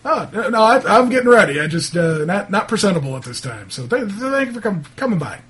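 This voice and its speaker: Man playing flustered shopkeeper, stammering, a little husky. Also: sits high, very animated, quick pace, fairly bright tone, pitched above the performer's own voice, full character voice. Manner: stammering, apologetic. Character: flustered polite male shopkeeper, just woken.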